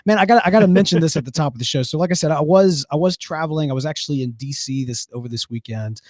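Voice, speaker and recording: A hoarse man, co-hosting a podcast and telling a rambling story full of fillers. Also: on the high side, very fast, no echo. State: hoarse, losing his voice. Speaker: podcast co-host. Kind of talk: casual chat.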